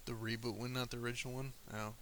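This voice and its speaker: A man chats casually and argues with his live chat, crude and joking. His voice is bright and forceful. A faint hiss runs under the recording. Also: medium pitch, little pitch movement, quick pace. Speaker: streamer.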